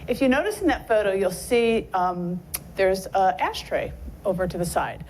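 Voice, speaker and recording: A woman's voice: mid-range voice, lively intonation, moderate pace, a little mellow, a little hiss or hum, poor audio. A woman in her sixties giving a casual, rambling lecture talk, chatty and full of fillers. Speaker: guest speaker.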